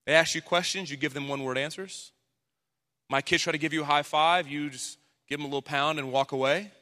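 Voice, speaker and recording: A man in his thirties preaching a sermon as pastor, animated, acting out the voices he quotes. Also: on the high side, brisk. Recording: long hall reverb.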